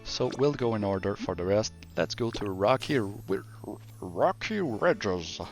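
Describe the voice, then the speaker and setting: Male streamer, French-Canadian accent, low-ish and slow; casual rambling commentary with faint music underneath. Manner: relaxed, rambling, self-correcting. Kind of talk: casual game walkthrough commentary.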